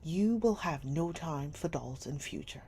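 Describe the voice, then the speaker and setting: A woman's voice: low-pitched, lively intonation, a little slow, slight background noise. A woman doing a cold, stern schoolmistress. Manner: stern, sharp, scolding. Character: cold domineering schoolmistress, middle-aged woman.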